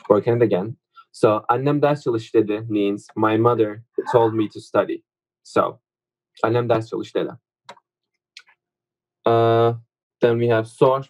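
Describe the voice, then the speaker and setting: Slow, low-voiced young man teaching Turkish. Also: vocal fry, low-quality recording. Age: young adult. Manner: informal, many fillers, corrects his own slips. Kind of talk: casual online language lesson.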